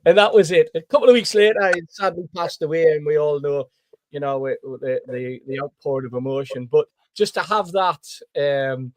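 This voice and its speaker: A man's voice: on the high side, moderate pace, no room sound. A man telling a story as a podcast panelist, acting out the voices of the people in it. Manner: animated storyteller, acts out quoted voices. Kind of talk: casual anecdote telling.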